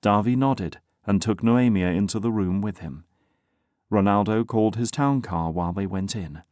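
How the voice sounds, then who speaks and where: A man narrating an audiobook in a steady, even reading. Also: lowish voice, moderate pace, dry recording, studio quality. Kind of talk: scripted narration.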